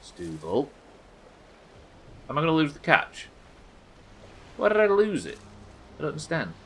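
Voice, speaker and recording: A man's voice: fairly high pitch, wildly swooping pitch, brisk, vocal fry, poor audio. A young man streaming a game live, chatting to viewers and thinking aloud as he plays, swearing freely. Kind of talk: live gameplay commentary.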